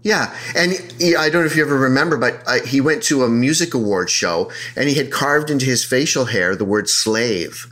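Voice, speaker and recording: A man's voice: medium pitch, fairly quick, hardly any pauses, a bit bright. A middle-aged man, co-hosting a podcast in chatty, blunt banter and swearing freely. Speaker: podcast co-host.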